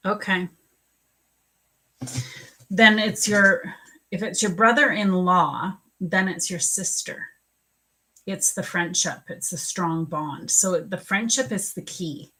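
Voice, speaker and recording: A woman's voice: lowish voice, pushed and bright, breathy edge, low-quality recording. A woman psychic medium giving chatty live readings to viewers, teary and emotional at times. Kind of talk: casual live-stream reading.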